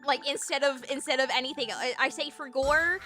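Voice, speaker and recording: Bright high-voiced woman streamer. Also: steady tone, brisk, faint music behind. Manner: bubbly, profane, chatty with viewers. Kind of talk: casual live-stream chat.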